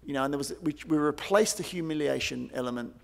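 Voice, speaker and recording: A man giving a conference keynote, telling stories in an animated way and acting out quoted voices. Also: a little high, fast, creaky. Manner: animated, acts out quoted voices, many fillers. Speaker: keynote speaker. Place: large conference hall. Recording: long hall reverb.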